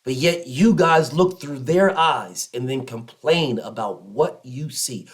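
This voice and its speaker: A man in giving an emphatic, repetitive solo commentary rant as host, often mocking others in low put-on voices. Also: expressive, a little slow, few pauses.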